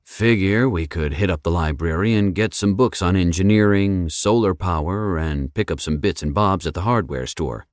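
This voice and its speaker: A calm, protective young big brother, read by a man in an audiobook. The voice stays low and steady, with a reassuring manner. The sound is dry, with no room around it. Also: moderate pace, few pauses, dry recording, close to an everyday voice. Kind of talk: audiobook character voice.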